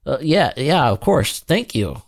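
A man's voice: mid-range voice, big pitch swings, a little slow, gravelly, pitched above the performer's own voice. A man voicing an earnest, kind-hearted young man who stammers and apologizes. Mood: eager.

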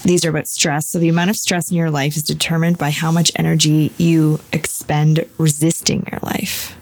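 A woman's voice: sits low, level tone, moderate pace, a little mellow. A woman hosting a casual chat, earnestly sharing quotes and reflecting on them. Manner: earnest, emphatic, reads quotes and riffs on them.

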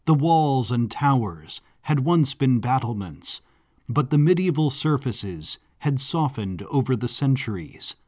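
A man narrating a story in a measured, descriptive way. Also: mid-range voice, big pitch swings, warm tone. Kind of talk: scripted audiobook narration. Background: faint background music.

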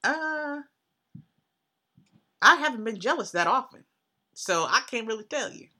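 A young woman co-hosting a casual podcast, digging in on her side with playful stubbornness. Her voice sits a bit high and bright, with lively swings in pitch. She talks in a loose, colloquial way. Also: a little slow. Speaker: podcast co-host. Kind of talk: casual chat.

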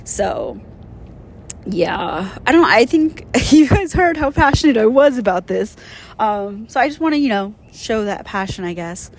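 A young woman talks through a casual solo podcast episode, her voice fairly high and tearful. She rambles with lots of fillers as she chats to her listeners, and a faint low rumble sits behind her. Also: very animated, unhurried. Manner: emotional, rambling, many fillers. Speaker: podcast host.

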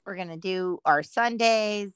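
A woman's voice: mid-range voice, measured pace, smooth, no echo, low-quality recording. A woman in her forties from Southern California, co-hosting a podcast in casual, profane chat and laughing often. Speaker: podcast co-host.

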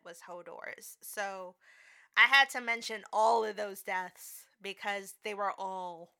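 A woman's voice: medium pitch, sharp tone, clear, resonant tone. A woman co-hosting a podcast, chatting in a casual, profane and emphatic way. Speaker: podcast co-host. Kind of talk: casual chat.

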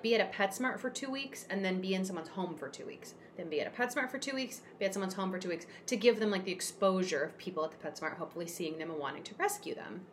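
A woman telling a personal story as a guest in a casual conversation, emotional and expressive with frequent fillers. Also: mid-range voice, a little hiss or hum. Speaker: podcast guest, cat rescuer.

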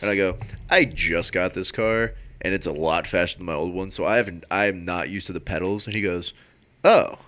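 A young man in casual chat, telling a story in a halting, low-key way. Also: fairly bright tone.

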